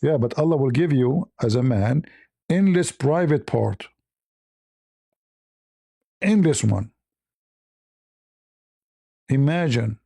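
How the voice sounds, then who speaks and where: A man's voice: medium pitch, animated, slow, creaky, long pauses, dark tone, breathy edge, dry recording, clean studio sound. A man hosting a casual livestream chat, mocking and provocative, stretching words for emphasis. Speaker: livestream host.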